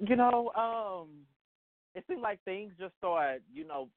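A man's voice: sits high, slow. A thirty-year-old man from Dallas with a Southern Texas accent, a female impersonator answering interview questions in a sassy, drawling way. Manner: sassy, drawling, calls people baby. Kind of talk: casual interview. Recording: dry, tinny phone line.

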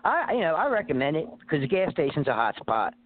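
A man's voice: fairly high pitch, very animated, fairly quick, slight background noise. A man calling in to a talk radio show, talking in a rambling, profane, streetwise way. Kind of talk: casual phone-in chat. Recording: tinny phone line.

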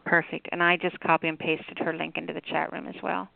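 A woman hosts a call-in radio show, her voice carrying a gravelly fry. She chats casually and giggles easily with her callers, everything coming through a tinny, dry phone line. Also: sits low, flat delivery, fairly quick, dry recording. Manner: warm, giggly, chatty with callers.

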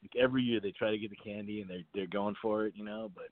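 A man's voice: lowish voice, fairly even intonation, quick pace, no room sound. Rambling man on a tinny phone line. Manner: rambling, chuckling, many fillers and restarts. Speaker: guest, inventor. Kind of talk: casual call-in chat.

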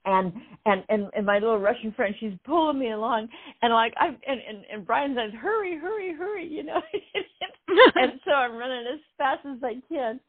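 A woman's voice: a little high, brisk, dry recording. Older woman laughing over a phone line. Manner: animated, laughing storyteller. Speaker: guest. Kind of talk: telling a story.

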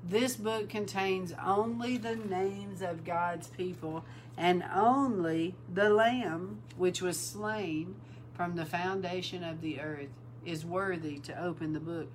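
A woman delivers an informal sermon in a fairly low voice, calling her listeners bride and hammering points home by repeating words. A faint hum runs under the recording. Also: steady tone, takes it slowly, poor audio. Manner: breaks into loud exclaiming and laughter. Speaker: preacher.

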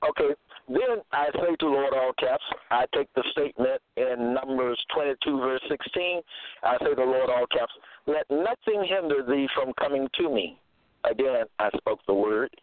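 A man preaching scripture in a slow, deliberate way, repeating phrases and checking in with "okay?". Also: medium pitch, no echo. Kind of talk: scripture teaching monologue. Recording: tinny phone-line sound, dry.

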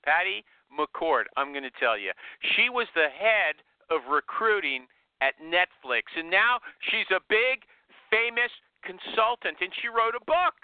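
A man's voice: high-pitched, lively intonation, a little slow, clear, resonant tone, dry recording. A man hosting a talk radio show, speaking bluntly and jokingly in a casual monologue over a tinny phone line.

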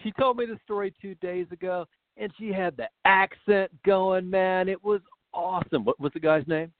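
A man's voice: sits high, fairly even intonation, normal speed, dry recording. Encouraging man on a phone-like line. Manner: friendly, encouraging, coaching tone. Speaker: podcast co-host. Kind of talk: casual chat. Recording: tinny phone-like, dry sound.

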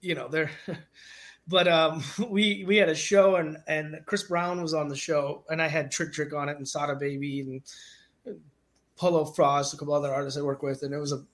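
A man in his forties, a music manager and guest on an interview show, telling stories in a casual, animated way and laughing often. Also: on the high side, moderate pace.

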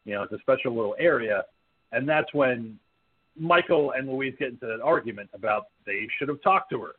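A man co-hosting a casual horror film podcast, retelling scenes in an animated, blunt, profane way. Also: mid-range voice, a little fast, a little hiss or hum. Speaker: podcast co-host. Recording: phone-like narrow band.

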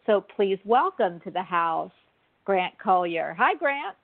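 Woman host, gushing and theatrical, mid-pitched voice, tinny phone-line sound. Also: big pitch swings, slow pace, gravelly. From United States. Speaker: show host. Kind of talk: casual talk show chat.

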